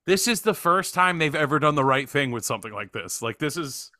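A man's voice: on the high side, lively intonation, normal speed, pushed and bright, no echo, studio quality. A young man hosting a podcast, joking and swearing in casual chat. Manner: profane and joking. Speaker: podcast host.

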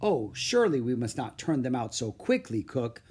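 A man's voice: medium pitch, big pitch swings, moderate pace, darkish tone, husky. A man voicing a prim, sweetly condescending young girl of a grand house. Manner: prim, genteel.

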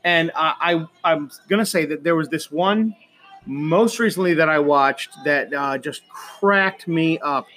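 A man with a high-pitched voice spins a casual anecdote for his co-host. He stumbles and restarts as he builds the story. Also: bright, forceful tone. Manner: halting storyteller with frequent restarts. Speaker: podcast co-host. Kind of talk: casual chat, telling a funny story.

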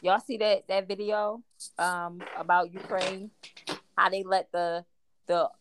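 A woman in a casual podcast chat, expressive and playful as she tells what she saw. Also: mid-range voice, takes it slowly, slight background noise.

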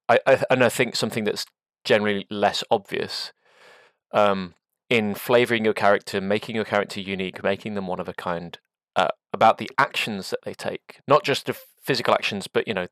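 A man's voice: on the low side, brisk, fairly bright tone, no echo. A man hosting a casual podcast chat, thoughtful and searching for his words as he poses questions.

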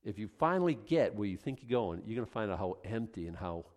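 A man preaching a sermon, acting out conversations in an animated, building delivery. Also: on the low side, fast. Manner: animated, acts out dialogue with rising intensity.

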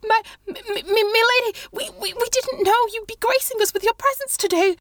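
A woman's voice: very high voice, fairly quick, fairly bright tone, voice pushed up. A woman voicing a panicked young male monk who stammers and grovels with apologies. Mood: panicked groveling.

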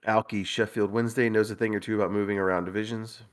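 Wry, low-voiced male podcast host. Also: fast talker. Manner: wry, deadpan asides with frequent chuckles. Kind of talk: casual podcast chat, reading out a listener's list.

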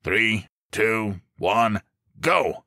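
A gruff, sardonic older SWAT veteran in a gritty audiobook, barking wry commands in a deep voice as a male narrator plays him. The read is close and dry. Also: animated, very slow, pushed and bright, dry recording, full character voice.

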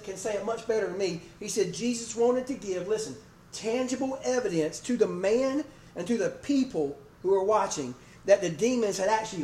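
A preacher with a high pitch and a darkish tone speaks to his congregation in a folksy manner, checking in with them by name and tossing out "okay?" and "amen?" throughout. The church sanctuary recording is echoey, captured by a distant mic with faint noise.

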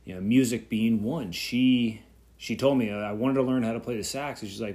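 A man's voice: mid-range voice, moderate pace, a little mellow. A man in his thirties hosting his own podcast, talking alone in a reflective, rambling way with many fillers and restarts. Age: 30s. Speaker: podcast host. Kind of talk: solo podcast talk.

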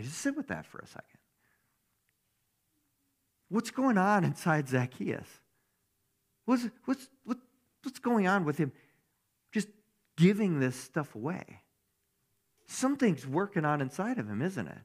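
A man's voice: sits high, big pitch swings, a little slow, pauses often, slightly rough. A man giving a conversational sermon as a pastor, who keeps asking his listeners rhetorical questions.

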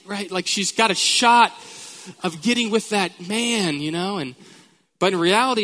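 A man preaching a sermon in church, moving from playful, animated asides to slow, earnest points. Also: fairly high pitch. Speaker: pastor.

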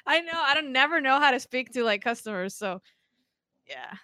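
A woman's voice: high voice, lively intonation, normal speed, pushed and bright, clean tone, dry recording. A young woman streamer in casual chat, giggling often and rambling with lots of fillers.

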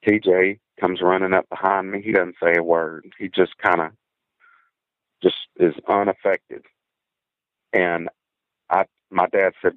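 A man with a very low, deep voice tells an encounter story from his past over a thin, tinny phone line with no room sound at all. He speaks earnestly and haltingly, often repeating a word before pressing on. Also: little pitch movement, dry recording. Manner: earnest, halting, repeats words when tense. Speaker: guest telling a personal encounter story. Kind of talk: first-person encounter story.

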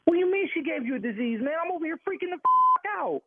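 A man's voice: very high-pitched, animated, fast, gravelly. Agitated man on a tinny phone line. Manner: agitated, swearing, demanding answers. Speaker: prank call target. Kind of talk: phone call.

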